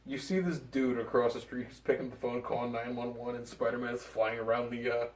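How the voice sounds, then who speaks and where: Brief: rambling, excited male co-host, medium pitch, recorded from a distance in a roomy space. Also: brisk, slight background noise. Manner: excited, rambling with fillers and laughs. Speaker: movie review co-host. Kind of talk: casual chat. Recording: roomy, from off the mic.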